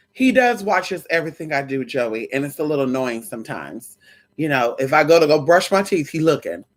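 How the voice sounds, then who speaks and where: A livestream host chatting casually with viewers, sassy and profane, calling them honey and girl, and slipping into quoted voices. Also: mid-range voice. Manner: animated, breaks into quoted voices.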